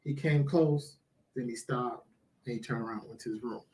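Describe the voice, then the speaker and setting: A man's voice: mid-range voice, normal speed, a little mellow, poor audio. A man telling a work story in casual chat, acting out the people he quotes. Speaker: guest.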